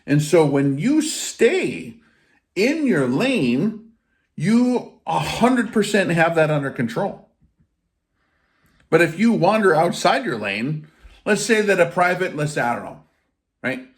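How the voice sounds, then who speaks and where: A man's voice: a little high, big pitch swings, slow, pauses often. A man giving an informal spiritual teaching in a blunt, emphatic way, with casual swearing. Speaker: faith teacher.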